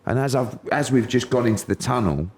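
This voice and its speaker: A man's voice: mid-range voice, expressive, fairly quick, darkish tone, a little hiss or hum. A middle-aged man from England, a podcast guest telling a story in casual chat and acting out quotes in raised voices.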